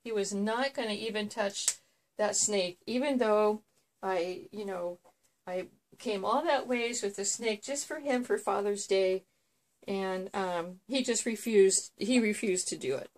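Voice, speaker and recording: A woman's voice: mid-range voice, measured pace, darkish tone, a little hiss or hum. A woman hosting a casual vlog, rambling through a story with many ums and restarts. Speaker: vlog host. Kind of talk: casual chat.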